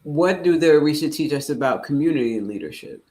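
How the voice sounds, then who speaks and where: A man's voice: fairly high pitch, lively intonation, a little fast, a little mellow. A man hosting an interview, asking short, hesitant questions. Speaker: host.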